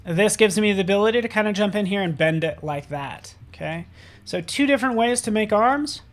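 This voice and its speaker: A man giving a live software tutorial, upbeat and chatty, often checking in with "right?" as he works on a drawing. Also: sits high, expressive, brisk. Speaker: design instructor.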